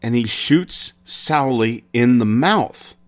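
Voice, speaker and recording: A man in a middle register tells a true-crime tale for his podcast. He talks slowly and conversationally, pausing between phrases as the story unfolds. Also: medium pitch, expressive. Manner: unhurried, conversational retelling with pauses. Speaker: podcast host.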